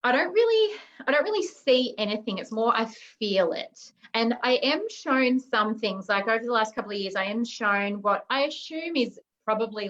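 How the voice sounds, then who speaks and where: A woman's voice: mid-range voice, fairly bright tone, highs cut off. A woman guest, a naturopath, explaining her healing work in a casual interview over a video call, earnest and searching for words. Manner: earnest, searching, many fillers.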